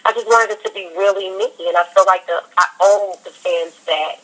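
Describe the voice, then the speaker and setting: A woman singer in a casual interview, talking in an upbeat, heartfelt way and telling lively stories. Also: mid-range voice, a little fast, poor audio.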